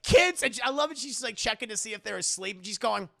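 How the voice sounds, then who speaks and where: A young man recaps a horror film for his live chat, swearing and jumping into character voices. His voice is high and gravelly with a bright, tense edge. The sound is close and dry. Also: fast, dry recording. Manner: animated, profane, addresses chat. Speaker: movie reviewer streaming live. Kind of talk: casual livestream movie recap.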